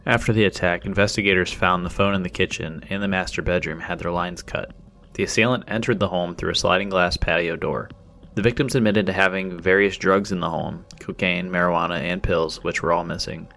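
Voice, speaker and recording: Very deep-voiced man narrating true crime. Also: fairly even intonation, creaky, fairly bright tone. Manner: measured, matter-of-fact reading. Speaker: podcast host.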